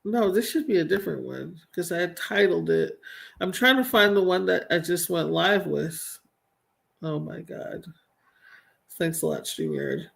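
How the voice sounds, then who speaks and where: A woman's voice: fairly low pitch, sing-song, moderate pace, gravelly. A young woman talks straight into her computer mic on a live stream. She is chatty and a little exasperated, with plenty of slang and asides to her viewers. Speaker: live-stream commentary host. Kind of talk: casual live-stream commentary.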